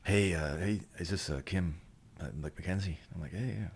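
A man's voice: low-pitched, moderate pace, a little hiss or hum. A Canadian actor, a man, chatting as a podcast guest and telling rambling, profane stories full of restarts. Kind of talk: casual storytelling chat.

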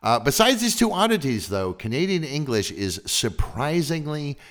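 A man's voice: fairly high pitch, very animated, moderate pace, a bit bright. A male podcast host from the United States, chatting casually and reading out notes to quiz his guest. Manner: curious, reads out notes and quizzes the guest. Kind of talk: casual chat. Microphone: remote call recording.

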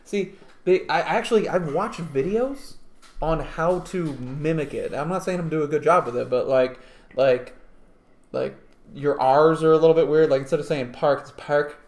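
A man co-hosting a casual chat, rambling and joking, often trailing off softly. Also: on the high side, moderate pace. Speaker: co-host. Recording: echoey room with faint noise.

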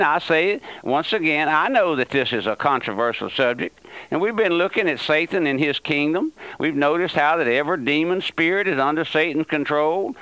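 Older preacher guy on the radio, emphatic, smooth voice, dry close sound. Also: a little high, fairly bright tone, no echo, low-quality recording. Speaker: pastor. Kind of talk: radio sermon.

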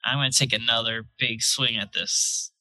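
A woman's voice: very deep voice, fairly even intonation, moderate pace, bright, forceful tone, rough recording. A woman playing a tabletop game, chatty and playful, often laughing at the table. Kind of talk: casual tabletop play.

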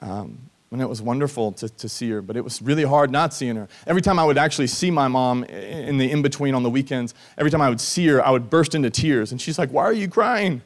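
A man's voice: medium pitch, fast talker, hardly any pauses. A man in his thirties from Georgia, a pastor preaching a sermon in a conversational, earnest way during a church service. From Georgia, USA. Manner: conversational, earnest, acts out quoted voices. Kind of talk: sermon with personal storytelling.

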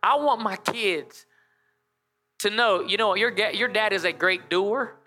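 Bright, high-voiced male pastor preaching. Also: a little slow. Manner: lively, conversational preaching with call-and-response. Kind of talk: sermon. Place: church.

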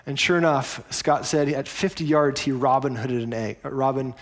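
A man's voice: medium pitch, moderate pace. A man preaching a sermon as pastor, telling stories in a conversational way with explanatory asides.

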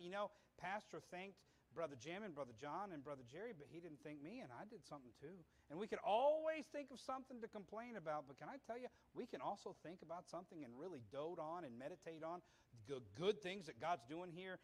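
A man preaching a sermon in a folksy storytelling way, rising to loud fervent exhortation. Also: sits high, expressive, a little fast. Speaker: visiting missionary preacher.

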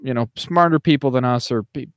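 This podcast co-host talks briskly in a mid-range voice, rambling through casual chat with lots of fillers and restarts. The audio is studio quality with no echo.

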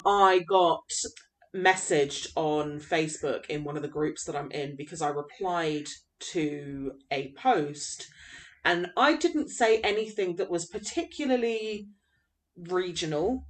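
An English woman co-hosting a podcast, chatting casually with a dry, teasing manner. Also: fairly low pitch. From England. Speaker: podcast co-host. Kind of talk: casual chat.

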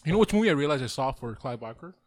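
A man co-hosting a casual podcast, relaxed and chiming in. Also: mid-range voice, rapid-fire, dry recording. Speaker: podcast co-host. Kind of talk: casual chat.

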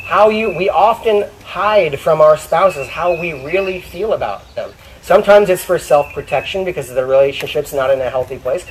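A man preaching a sermon, talking casually to his church and slowing down to read scripture aloud. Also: on the high side, slight background noise, poor audio. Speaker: pastor.

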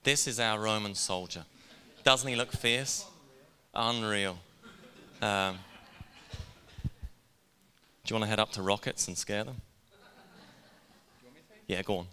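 A man preaching a sermon in a conversational, energetic way, with casual asides to the congregation in a church. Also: lowish voice, slow, long pauses, in a large hall. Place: church hall.

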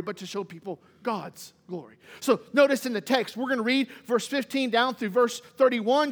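A man's voice: high voice, fairly bright tone. A man preaching a sermon as pastor, speaking with dramatic emphasis and acting out the lines of Bible figures. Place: church sanctuary. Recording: long reverb in a hall.

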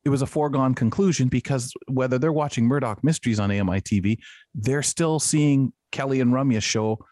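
A man co-hosting a panel discussion, talking in a halting way with frequent restarts. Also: medium pitch, a little mellow, dry recording. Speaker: co-host.

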